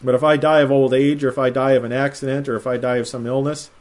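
A man's voice: mid-range voice, little pitch movement, a little mellow. Man teaching scripture verse by verse. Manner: measured, explanatory, slows to stress quoted phrases. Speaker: Bible teacher.

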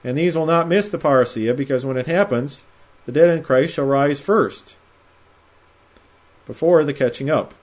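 Male Bible teacher, slightly higher voice, measured explanatory delivery, leans on key phrases. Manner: measured, explanatory, slows to stress quoted phrases.

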